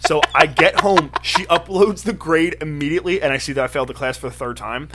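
A man's voice: a little high, fairly quick, sharp tone, soft background music. A young man in casual chat, telling a long profane story with quoted asides.

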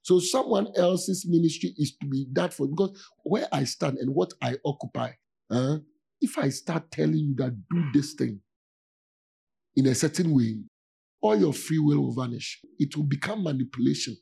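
Here a pastor preaches casually in a fairly high, animated voice that is mellow and husky with vocal fry. Again and again he checks in with "do you see?", and his conversational sermon is dotted with laughter and pauses.

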